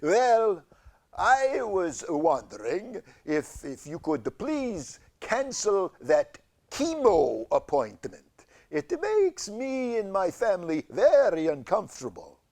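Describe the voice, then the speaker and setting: A man's voice: sits high, huge pitch swings, takes it slowly, a little mellow, voice pushed up, exaggerated voice. A man voicing a talking cancer tumor in a comic skit, using an old horror-film vampire drawl and sounding easily offended and pleading. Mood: wheedling. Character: talking male cancer tumor, whiny and wheedling.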